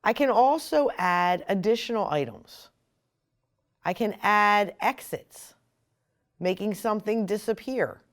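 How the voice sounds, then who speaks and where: A woman explaining software step by step in a screen-recorded tutorial. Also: medium pitch, animated, slow pace. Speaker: software instructor.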